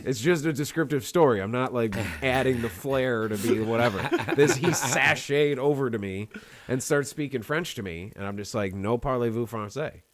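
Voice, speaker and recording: A man's voice: medium pitch, moderate pace. An American man hosting a podcast, telling long, rambling, profanity-laced stories in casual chat. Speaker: podcast host.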